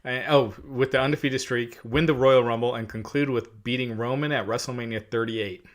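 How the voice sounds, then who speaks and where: A man's voice: medium pitch, steady tone, brisk. A man co-hosting a wrestling podcast in casual chat, reading out viewer questions between opinions. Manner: reads viewer questions aloud. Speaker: podcast co-host.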